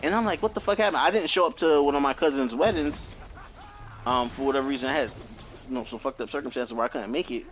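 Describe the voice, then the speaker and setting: Fast-talking man telling family stories. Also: medium pitch, a little hiss or hum, rough recording. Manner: profane, animated storytelling with laughs. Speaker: podcast co-host. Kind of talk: casual chat.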